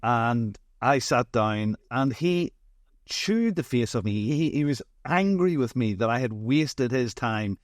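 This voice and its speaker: A man's voice: medium pitch, animated, unhurried, dry recording, clean studio sound. A man hosting a casual interview, chatty and rambling. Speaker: podcast host.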